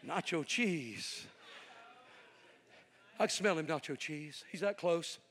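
A male evangelist preaching a sermon with animated, folksy, joking storytelling to a live audience. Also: on the high side, fairly quick. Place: large hall with audience. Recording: reverberant hall.

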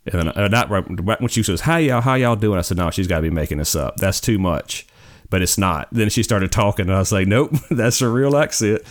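A man's voice: sits low, a little fast. A man hosting a gaming podcast, chatting casually and rambling through stories with lots of restarts. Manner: rambling, self-correcting storyteller. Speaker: podcast host.

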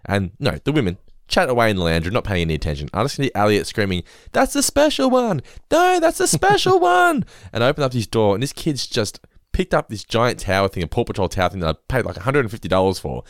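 A man co-hosting a podcast in casual chat. He acts out quotes loudly, animated and swearing a lot. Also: on the low side, very fast, few pauses, no room sound, studio quality. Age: adult, parent of a young child. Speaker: podcast co-host.

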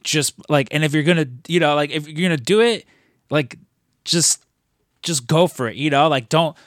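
Halting, restart-prone male podcast host. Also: fairly high pitch, no echo, studio quality. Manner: halting, many restarts and "you know"s. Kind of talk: casual podcast interview.

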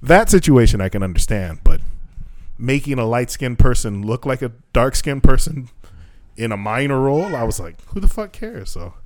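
A man co-hosting a podcast, telling stories in a casual, profane and animated way. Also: mid-range voice, moderate pace. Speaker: podcast co-host. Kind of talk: casual chat. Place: Japan.

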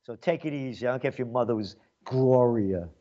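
Heard through a muffled recording, the New York show host rants briskly in a mid-range voice. Sarcasm and mockery drive his monologue as he lurches from loud jabs to quiet muttered asides.

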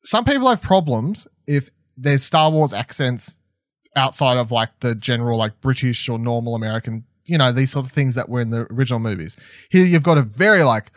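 Full of eager energy, a young man co-hosts a podcast reviewing a TV episode, chatting casually with many fillers and false starts. His medium-pitched voice moves fairly quickly with lively intonation. The sound is dry and close, with no echo.

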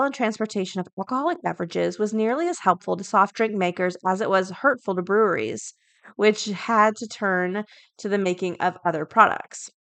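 A woman hosting a daily podcast, chatting casually and reading an article aloud, thinking out loud as she goes. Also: medium pitch, no room sound. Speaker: podcast host.

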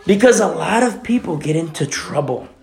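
Emphatic conversational preacher in a roomy church. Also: male voice, fairly high pitch, animated, normal speed, gravelly, a little mellow. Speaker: pastor. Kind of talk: sermon.

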